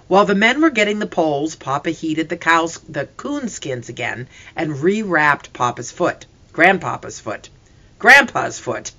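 A storybook narrator reads aloud expressively, acting out the characters' lines too. The voice is medium-pitched at a measured pace, and the sound is lo-fi.

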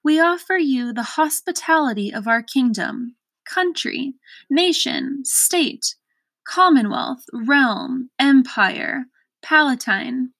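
Give me a woman playing ceremonious royal officials reading proclamations, pitched up. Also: lively intonation, slow, a bit bright, no room sound, heavily acted. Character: formal courtly gentlemen officials.

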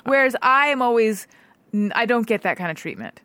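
Chatty woman host with a lively voice. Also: fairly high pitch, dry recording. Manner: chatty, quick to react and laugh. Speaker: podcast host. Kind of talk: casual chat.

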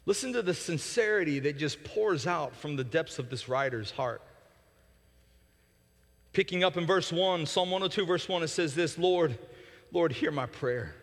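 A man preaching a sermon as pastor, impassioned, rising to loud peaks and falling to soft prayer, often restarting words. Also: a little high, lively intonation, creaky. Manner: repeats words in quick restarts. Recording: long hall reverb.

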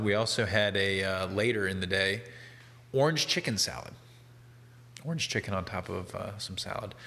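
A man's voice: fairly low pitch, fairly bright tone, big-room sound. A young man chatting casually to the camera, rambling and breaking off to laugh at his own stories. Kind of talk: casual chat.

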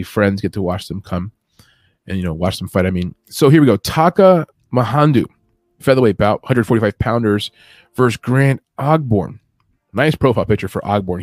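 American man, low voice, casual chatty fight predictions, joking asides, dry close recording, faint music behind. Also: no room sound. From United States. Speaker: MMA podcast host.

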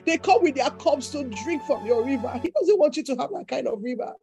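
A woman's voice: sits high, animated, fairly quick, mellow, faint music behind, poor audio. A woman preacher delivering a fervent sermon with repeated declarations.

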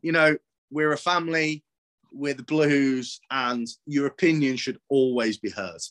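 A man's voice: medium pitch, a little slow, a bit bright. A man, talking casually on a podcast, rambling, swearing and laughing often. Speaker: podcast guest.

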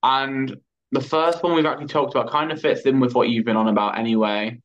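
A man's voice: mid-range voice, fairly even intonation, brisk, dull audio. A teenage boy hosting a casual podcast chat, playful and chatty. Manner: chatty, playful, says "blah blah". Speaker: podcast host.

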